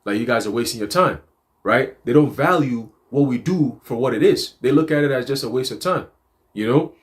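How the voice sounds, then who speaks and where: A man's voice: medium pitch, expressive, fairly quick. Emphatic man preaching casually. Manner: street-casual, emphatic, acts out quotes. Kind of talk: livestreamed teaching.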